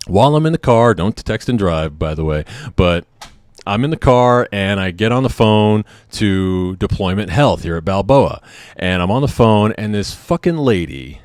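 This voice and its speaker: A man's voice: lowish voice, a little mellow, dry recording, clean studio sound. A man in his thirties, a service member, venting in a confessional vlog in an emotional, agitated and profane way. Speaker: military member vlogger.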